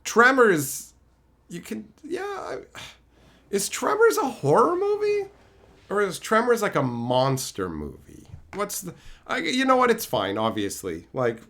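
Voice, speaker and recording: A bright, forceful male voice with a very animated pitch that jumps high when he is exasperated. He is a Canadian streamer reading chat messages casually and answering with sarcasm and swearing.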